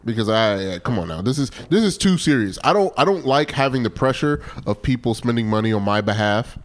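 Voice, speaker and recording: A man's voice: medium pitch, animated, brisk. A man co-hosting a casual sports podcast, answering with dry, teasing quips. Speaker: podcast co-host.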